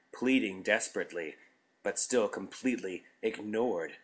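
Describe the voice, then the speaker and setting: A man narrating a scripted story in a measured, deliberate storytelling manner. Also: low voice, steady tone, fairly bright tone, rough recording.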